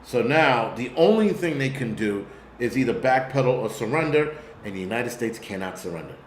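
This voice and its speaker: With lively intonation and a moderate pace, a mid-range male host with a New York accent delivers a rambling, profane live-stream rant, speaking bluntly throughout. Reverb and slight background noise color the audio.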